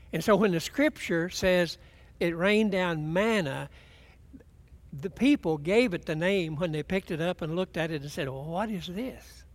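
An older man preaching a folksy, rambling sermon, often restarting his sentences. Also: high voice.

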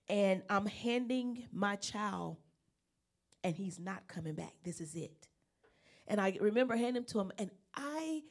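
A middle-aged woman preaching a sermon, telling her own story and growing loud and impassioned. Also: on the high side. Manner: impassioned, rising to loud emphasis. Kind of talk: sermon with personal testimony.

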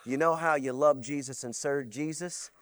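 A man preaching a sermon, animated and swinging from loud to soft, with playful mock voices. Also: fairly high pitch, normal speed, no room sound. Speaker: pastor.

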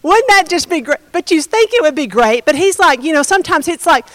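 A woman's voice: sits high, expressive, a little fast, no room sound, poor audio. A woman pastor giving a conversational sermon, often asking the congregation questions.

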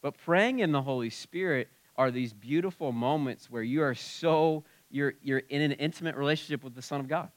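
A male pastor preaches in a relaxed, conversational way, swinging between soft asides and louder emphasis. His voice sits at an ordinary pitch and sounds dry and close, with little room sound. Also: moderate pace, hardly any pauses, dry recording. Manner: conversational preaching with shifts in loudness. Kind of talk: sermon. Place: church sanctuary.

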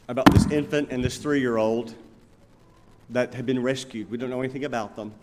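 A male pastor preaching a sermon, telling stories and slowing down to stress his points. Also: medium pitch, darkish tone. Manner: storytelling, emphatic, with slow pointed phrases. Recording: long reverb of a large hall.

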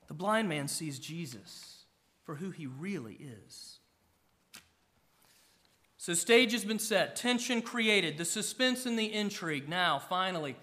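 Bright, high-voiced preaching man. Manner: animated preaching with emphatic rises and soft drops. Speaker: pastor. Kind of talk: sermon.

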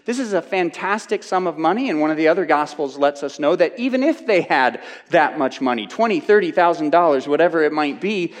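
Guy preaching thru a bible passage, kinda high voice, chatty and repeating himself, big echoey hall. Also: animated, brisk, few pauses. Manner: conversational, repeats words when restarting. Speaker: Bible teacher. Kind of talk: expository sermon. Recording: long hall reverb.

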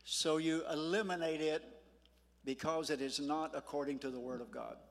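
An older man preaching a sermon in a church, folksy and emphatic, slowing down to stress words. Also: fairly high pitch, fairly even intonation. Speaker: pastor. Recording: echoey church hall.

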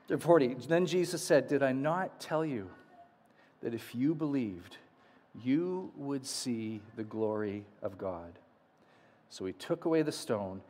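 A male pastor delivering an Easter sermon and reading scripture, dramatic, often dropping to soft, low endings. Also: in a large hall.

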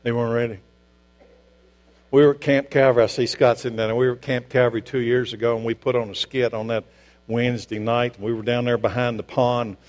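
A man preaching a sermon as pastor, emphatic, asking the congregation rhetorical questions and swinging from loud to hushed. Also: medium pitch, little pitch movement, fast talker. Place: church sanctuary. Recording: long hall reverb with mains hum.

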